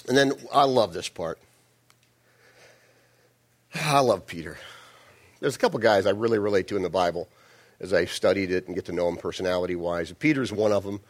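A man's voice: deep voice, a little fast, pauses often. A male pastor giving a sermon, telling the story in a folksy, joking way with many restarts.

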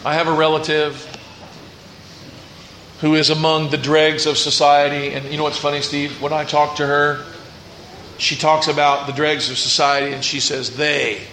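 A man's voice: a little high, little pitch movement, normal speed, bright, forceful tone, slight background noise. A man preaching a sermon as pastor, earnest, with rising and falling intensity. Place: church sanctuary. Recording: echoey church room.

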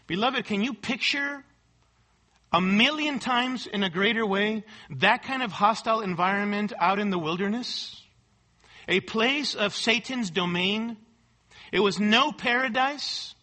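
A man's voice: high voice, unhurried, bright, forceful tone. A male pastor preaching a sermon, emphatic and rhetorical, repeating key words and asking the room for agreement.

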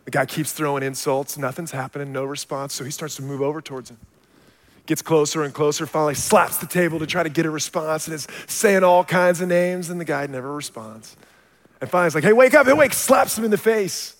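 A man preaching a sermon as a pastor, telling stories with animated swings from quiet, low passages to loud shouted peaks. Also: brisk. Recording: long hall reverb.

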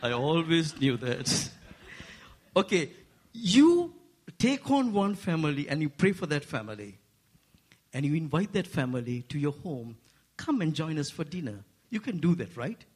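A man with an Asian accent preaching a sermon to a congregation, making playful asides and lifting his voice high for emphasis. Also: measured pace, slightly rough. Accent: Asian English. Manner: rising to animated, high-pitched emphasis. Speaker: guest preacher.

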